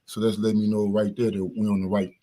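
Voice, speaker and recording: A man speaking as a guest in a studio discussion, calm, measured and sincere. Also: fairly low pitch.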